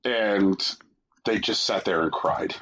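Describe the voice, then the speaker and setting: A man co-hosting a podcast in casual chat, making wry, deadpan jokes and swearing. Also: lowish voice, slow pace. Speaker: podcast co-host.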